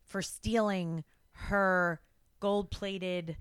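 A woman's voice: extremely slow, smooth, no room sound. Woman gushing about a movie on a podcast, dry close sound. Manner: animated, acts out quotes in a high frantic voice. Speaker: podcast co-host. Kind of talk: casual chat recapping a film.

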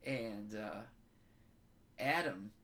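A choked-up man co-hosting a casual chat, rambling through a heartfelt story with a bright voice. His words come in fits and restarts as emotion catches him. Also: on the low side, lively intonation, extremely slow, a little hiss or hum. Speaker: podcast co-host.

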